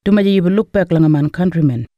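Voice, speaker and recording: A man's voice: sits high, racing, no echo, dull audio, lightly acted. A man with an Australian Kriol accent voicing Boaz, a gracious wealthy male landowner, in a Bible story reading. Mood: kindly.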